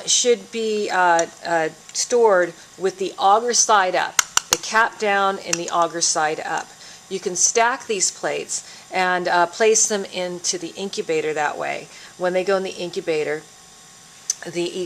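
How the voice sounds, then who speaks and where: Calm woman demonstrating a lab technique. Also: on the low side, a little hiss or hum. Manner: calm, step-by-step instructional. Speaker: biology instructor. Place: biology lab.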